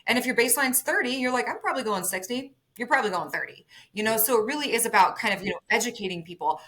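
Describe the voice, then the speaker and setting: Bright-voiced woman explaining with energy. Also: a little high, rapid-fire, a little hiss or hum. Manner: animated, explains with everyday analogies, says "right?" often. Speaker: neurofeedback clinic executive, guest. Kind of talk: conversational interview.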